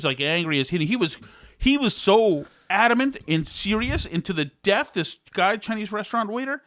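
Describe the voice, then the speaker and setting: A man from Massachusetts co-hosting a podcast, telling a long anecdote in a rambling, animated way. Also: high-pitched, moderate pace, no echo, clean studio sound. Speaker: podcast co-host. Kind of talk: casual chat, storytelling.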